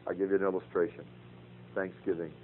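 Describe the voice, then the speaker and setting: A man's voice: low voice, flat delivery, brisk. An older man teaching a Bible class, earnest and folksy, telling personal stories between scripture quotes. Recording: tinny phone-like radio broadcast with faint hum.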